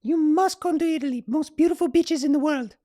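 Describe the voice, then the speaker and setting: A man putting on a booming, grandiose mountaineer. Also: fairly quick, warm tone, no room sound, clean studio sound. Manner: broken phrasing, grand declarations.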